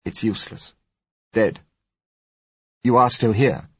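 A man's voice: fairly low pitch, takes it slowly, a bit bright, husky, dry recording, dull audio, pitched above the performer's own voice, heavily acted. A man voicing a frightened, irritable blind male doctor who speaks in a strained, bitter way. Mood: hollow.

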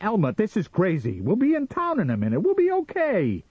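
Guy doing a loud cocky frontier man, yells high and wild, kinda muffled recording. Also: wildly swooping pitch, extremely slow, breathy edge, no echo, exaggerated voice. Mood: frantic. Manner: shouting, defiant. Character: brash panicky male pioneer, boastful and quick to violence.

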